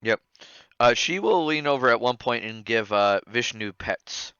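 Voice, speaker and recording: A man running a tabletop game as game master, relaxed, with frequent laughter and fillers. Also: medium pitch, unhurried, smooth, no echo, highs cut off.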